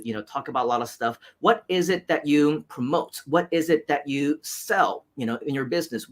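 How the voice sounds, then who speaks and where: A man with an American accent hosting an interview, talking through motivational points and tagging many lines with "right?". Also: medium pitch. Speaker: host.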